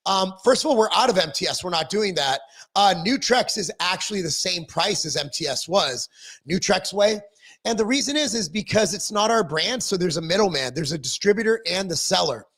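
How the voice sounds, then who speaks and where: A middle-aged man talks casually on a livestream, answering viewer comments as he goes. His voice sits high for a man. He rambles, pokes fun at himself and fills pauses with ums and false starts. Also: lively intonation, a bit bright. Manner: rambling, self-deprecating, frequent ums and restarts.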